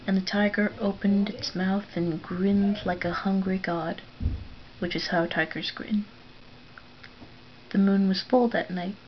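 A woman reading a story aloud, softly and often near a whisper. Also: medium pitch, highs cut off, slight background noise. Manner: soft, often drops to a whisper for narration.

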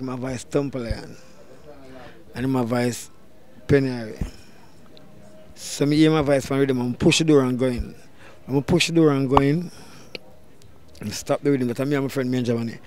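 A middle-aged man with a Jamaican accent tells a long story in a relaxed, conversational way. His voice sits at an ordinary middle pitch. He often jumps into sudden loud bursts to act out other people's words. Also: normal speed, pauses often. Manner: animated, loud bursts when acting out quotes. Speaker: dancehall deejay guest. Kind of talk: storytelling interview.

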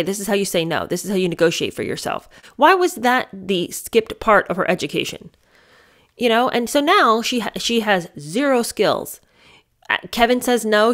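A woman giving a casual book review, emphatic and exasperated, talking back to the people in the story and piling up rhetorical questions. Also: mid-range voice. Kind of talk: casual commentary.

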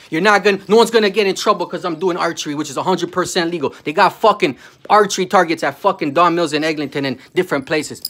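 A man's voice: high-pitched, fairly bright tone. A man, ranting angrily and with a lot of profanity in a vlog, often tacking 'bro' onto his sentences. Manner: heated, profane, repeats 'bro'. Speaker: vlogger. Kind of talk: angry profane rant to camera.

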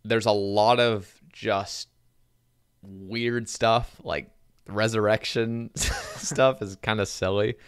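A man hosting a casual gaming podcast, talking in a relaxed, rambling way. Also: on the low side, slow pace, smooth, dry recording, studio quality. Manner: relaxed, rambling with many "like" fillers. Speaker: podcast host.

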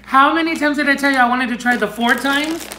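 A man unboxing fan mail in a casual chat, gushing and excitable, bursting into squeals and dropping into Spanish phrases. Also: extremely high pitch, fairly quick, slight background noise. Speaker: unboxing vlogger. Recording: echoey room.

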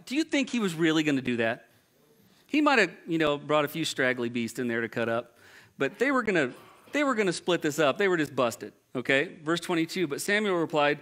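A male pastor preaching a sermon, reading scripture aloud and commenting on it in a lively, jokey way. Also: fairly high pitch, brisk.

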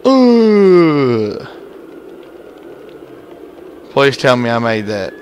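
A young man giving excitable let's-play commentary, yelling and groaning at the game. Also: mid-range voice, very slow. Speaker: gaming YouTuber. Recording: game music and crowd noise behind.

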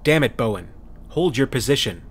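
A man's voice: on the low side, steady tone, normal speed, soft background music, lightly acted. A man voicing a tough male marine captain who barks orders. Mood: shouting. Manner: commanding, barking orders.

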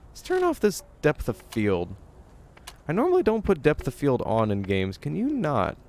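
A man's voice: a little high, huge pitch swings, moderate pace, darkish tone, a little hiss or hum. A young man streaming a video game, chatting casually and poking fun at himself. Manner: chatty, self-deprecating. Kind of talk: casual let's-play commentary.

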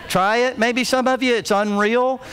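Male pastor, middle-aged, high-pitched folksy storyteller. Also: moderate pace, some chatter behind, slight background noise. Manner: folksy, animated storytelling with humor. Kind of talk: sermon.

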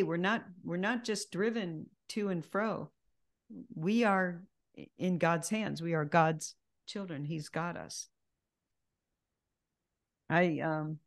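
A woman teaching a Bible study, earnest and emphatic, often repeating her key phrases. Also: lowish voice.

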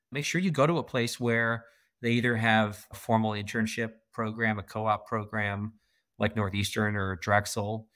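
A man's voice: on the low side, fairly bright tone, no echo. A middle-aged man from Canada, a podcast guest talking emphatically and laughing often in a casual interview.

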